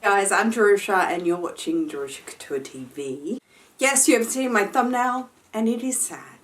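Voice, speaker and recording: A woman's voice: medium pitch, lively intonation, normal speed. A woman fashion vlogger giving a chatty, enthusiastic sponsored product review, full of playful slang.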